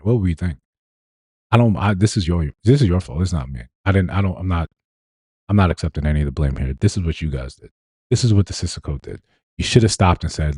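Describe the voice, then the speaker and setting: A man's voice: lowish voice, dark tone, no echo, studio quality. A man hosting a livestream, giving an opinionated commentary monologue with emphatic repetition and rhetorical questions. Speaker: livestream host.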